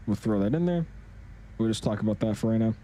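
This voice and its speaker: A young man streaming a flight simulator, chatting casually in an excitable, rambling way full of slang. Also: fairly low pitch, fast, slight background noise. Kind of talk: casual livestream chat.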